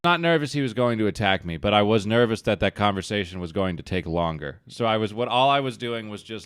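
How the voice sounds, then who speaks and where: Young man, comedy podcast host, self-mocking, profane, smooth voice, dry close sound. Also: fairly low pitch, animated, fast talker, few pauses, a bit bright, no room sound. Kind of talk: comedic storytelling.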